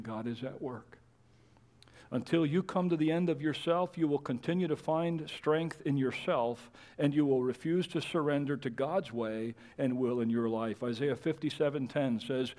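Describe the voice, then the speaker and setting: Male pastor, sermon, hushed whispers then booming emphasis, medium pitch. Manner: swings from hushed whispers to loud preaching.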